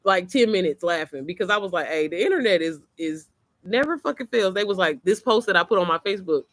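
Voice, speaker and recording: A woman chatting casually to camera on her computer, animated and quick to laugh, swearing freely as she tells stories. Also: on the low side, dry recording, clean studio sound. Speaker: vlogger. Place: outdoors, then inside. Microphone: computer mic.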